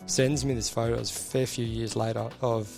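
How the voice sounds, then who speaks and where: A man's voice: medium pitch, little pitch movement, fairly quick, creaky, a little mellow, faint music behind. A middle-aged man, a podcast guest and army veteran telling stories casually, acting out quoted voices and swearing freely. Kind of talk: casual storytelling interview.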